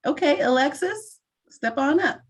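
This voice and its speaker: A woman's voice: sits high, expressive, unhurried. A woman hosting an online mentoring session over a video call, giving friendly, direct instructions with some fillers.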